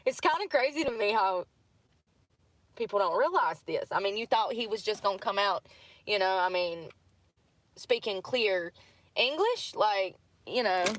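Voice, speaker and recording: A woman's voice: mid-range voice, no room sound. A woman vlogging casually, rambling through asides and laughing often. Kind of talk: casual chat to camera.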